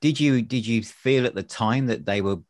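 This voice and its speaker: A man hosting a podcast interview, asking questions haltingly and repeating words. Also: medium pitch, background noise. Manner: hesitant, repeating words as he asks. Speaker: podcast host.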